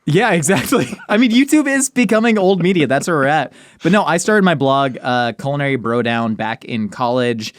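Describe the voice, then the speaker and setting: A man's voice: fairly high pitch, animated, normal speed, hardly any pauses, no echo, clean studio sound. A man hosting a podcast, chatting casually in a wry, joking, self-deprecating way. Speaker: podcast host.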